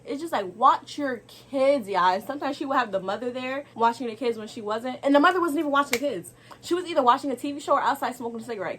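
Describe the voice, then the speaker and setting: There's a little hiss or hum as a young woman with a fairly high voice recounts a story to camera. Animated and exasperated, she fills her casual storytime with rhetorical asides to the audience.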